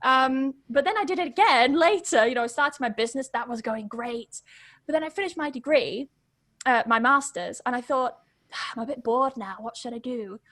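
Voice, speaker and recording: A young woman, a podcast guest telling her story in a chatty, quick way and laughing often. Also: high voice, a bit bright, dry recording, studio quality. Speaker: podcast guest, English pronunciation teacher. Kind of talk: casual storytelling interview.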